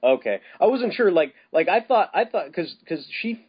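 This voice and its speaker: A man's voice: high voice, sing-song, normal speed, husky. A man talking casually about a film, rambling with lots of restarts and casual swearing. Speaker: podcast co-host. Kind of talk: casual film-review chat. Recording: slightly dull, lo-fi podcast audio.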